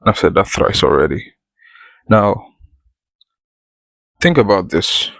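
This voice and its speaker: Low gravelly man hosting a solo podcast. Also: very animated, slow pace, a bit bright, dry recording, poor audio. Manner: playful, conversational, talks straight to the listener. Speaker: podcast host.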